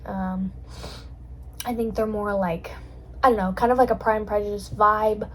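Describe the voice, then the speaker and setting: A woman's voice: medium pitch, fairly even intonation, moderate pace, fairly bright tone, a little hiss or hum, rough recording. A young adult woman hosting a casual solo chat, rambling in a bubbly way with lots of fillers. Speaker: podcast host.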